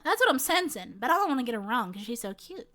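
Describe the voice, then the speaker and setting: Young woman streamer, giggly and super animated, high bright voice, soft game music behind. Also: fast.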